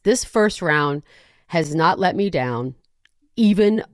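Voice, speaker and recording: A woman hosting a podcast in casual chat, animated and sarcastic, often breaking into rants. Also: medium pitch, slow, clear, resonant tone, no echo, clean studio sound. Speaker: podcast host.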